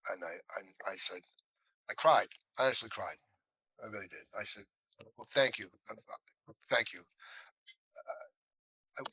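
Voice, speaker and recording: A man's voice: mid-range voice, dry recording, poor audio. A man telling stories from his acting career in an interview, acting out the voices of the people in them. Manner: animated storyteller, acts out quotes. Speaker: actor guest. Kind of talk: storytelling interview.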